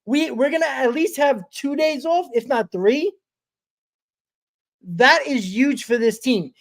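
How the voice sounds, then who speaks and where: A man hosting a sports fan show from his small home studio, ranting fast and excitedly, swearing and repeating himself. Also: very high voice. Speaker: host. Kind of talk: excited postgame fan rant.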